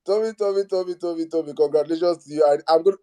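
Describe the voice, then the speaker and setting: A man's voice: a little high, racing, dark tone, clean tone. A Nigerian man hosting an online audio space, energetically rallying listeners to buy copies with lots of repetition and pleading. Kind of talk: excited live fundraising hype.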